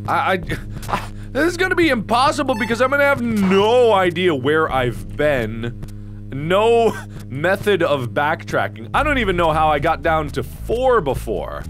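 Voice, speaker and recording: A man giving excitable, panicky horror game commentary, often yelling and mocking himself as he talks to himself. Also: high-pitched, a little slow, faint music behind. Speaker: let's-play host.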